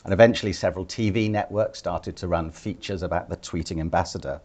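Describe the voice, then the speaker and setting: A former ambassador, an older British man, gives a relaxed public talk as a guest speaker. His fairly low voice unhurriedly delivers anecdotes laced with dry, understated wit.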